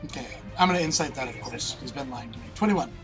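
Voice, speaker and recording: A man playing a tabletop game, speaking in a brisk, matter-of-fact way. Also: mid-range voice, soft background music. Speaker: player.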